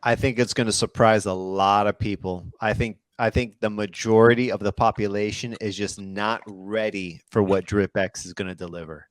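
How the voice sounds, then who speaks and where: A man's voice: on the low side, steady tone, moderate pace, hardly any pauses, dry recording. A man co-hosting a casual panel, enthusiastic and hyping things up. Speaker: co-host, game developer.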